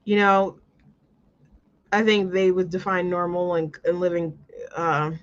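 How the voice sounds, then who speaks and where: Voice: mid-range voice, fairly even intonation, unhurried. Earnest host rambling thru a casual monologue, lots of restarts, kinda dull audio. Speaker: commentary show host.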